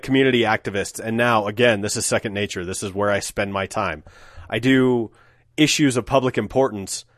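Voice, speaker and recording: A man in his thirties telling stories on a solo show, wry and profane, full of filler words. His pitch sits in an ordinary middle range, and the recording is dry and close with no room sound. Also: no room sound. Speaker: solo podcast host. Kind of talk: casual storytelling monologue.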